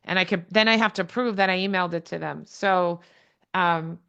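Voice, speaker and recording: A woman leading an online real estate training on a video call, frank and plain-spoken, with quick blunt asides. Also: fairly low pitch, gravelly, a bit bright, smooth, muffled recording. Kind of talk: online training session talk. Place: home or office on a video call.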